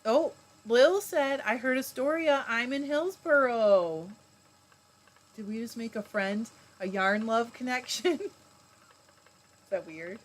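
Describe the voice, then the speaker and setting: A woman's voice: a little high, slow. A woman hosting a live stream in a casual, chatty way, reading viewer comments aloud, laughing often and breaking off mid-word. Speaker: livestream host.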